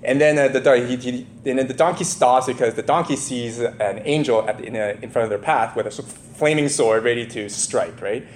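A man's voice: medium pitch, fairly quick, hardly any pauses, a little hiss or hum. A man preaching a sermon in a loose, conversational way, retelling a scripture story and often checking in with the listeners. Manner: loose, filler-heavy retelling with restarts. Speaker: pastor.

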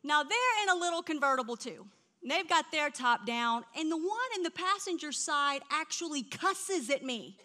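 A woman preacher delivers a sermon in a high, bright voice. She tells her stories with animation, dropping to near-whispers and then rising to loud, lively bursts. She sounds middle-aged and speaks with a strong pulpit presence. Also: moderate pace. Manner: animated storytelling, swings from hushed to loud.

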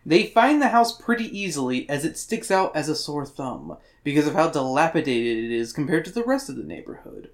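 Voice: mid-range voice, big pitch swings, a little fast, hardly any pauses. A podcast host reading chapter summaries aloud in a casual book club chat, with crude and irreverent joking.

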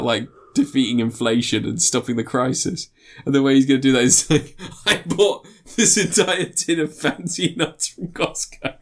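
A man co-hosting a podcast, telling stories excitedly, swearing often and laughing through them. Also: on the high side. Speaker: podcast co-host. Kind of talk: casual chat.

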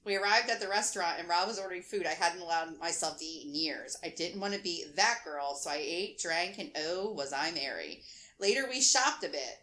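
A woman's voice: on the low side, fairly quick. A woman host in her thirties reading a funny story aloud and laughing as she goes. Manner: animated, laughing through the reading. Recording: roomy echo.

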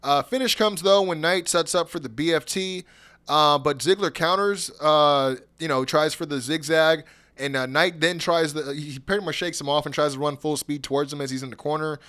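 Animated man recapping wrestling. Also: a little high, moderate pace, clean tone. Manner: animated, acts out wrestlers' promos in put-on voices, laughs often. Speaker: podcast co-host. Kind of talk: casual wrestling recap chat.

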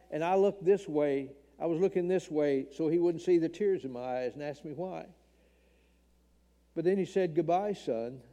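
A man's voice: a little high, mellow, muffled recording. An older man from Tennessee, earnestly and emotionally telling a personal testimony in a church talk. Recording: long hall reverb.

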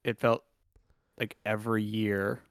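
A man's voice: on the low side, flat delivery, measured pace, clean tone, no echo, studio quality. A man co-hosting a sports podcast, chatting casually in a loose, rambling way with plenty of jokes. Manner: loose, rambling, jokey, laughs often. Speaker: podcast co-host.

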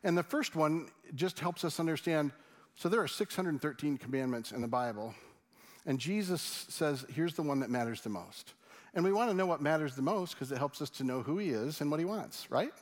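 A middle-aged man preaching a sermon, swinging between loud excited stories and hushed, earnest appeals. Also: on the high side, fairly quick. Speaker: pastor.

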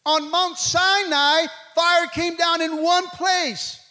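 A middle-aged man preaching a sermon, repeating words and calling out, sometimes shouting and sometimes dropping to a low murmur. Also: level tone, slow pace. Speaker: pastor.

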